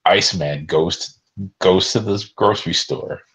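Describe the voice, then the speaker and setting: A man's voice: low voice, a little slow, a bit bright. A young man co-hosting a podcast, chatting casually in a rambling, joking way. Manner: laid-back, rambling, joking, often restarts. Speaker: podcast co-host. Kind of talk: casual chat. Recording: dull lo-fi sound.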